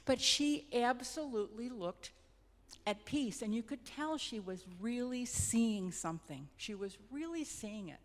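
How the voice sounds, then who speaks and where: Middle-aged woman, gentle reflective storyteller. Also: on the high side, lively intonation, measured pace. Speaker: hospice nurse speaker. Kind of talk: personal storytelling talk. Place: church hall. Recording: long hall reverb.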